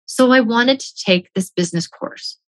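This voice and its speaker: A woman's voice: fairly high pitch, normal speed. A woman telling a personal story as a motivational speaker, stressing her points by repeating key phrases.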